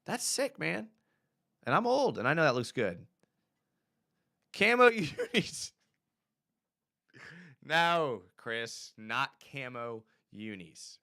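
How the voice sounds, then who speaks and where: A man hosting a fan live stream, casually reading viewer comments aloud and reacting with laughs. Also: medium pitch. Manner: animated, laughing, reads chat aloud.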